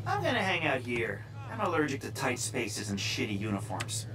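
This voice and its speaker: A profane, jumpy young hacker. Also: male voice, medium pitch, moderate pace, vocal fry, noisy background. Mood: joking. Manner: profane, excitable storytelling. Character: joking, paranoid young male hacker. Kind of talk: video game dialogue. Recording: slightly distant voice over loud game music. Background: game music.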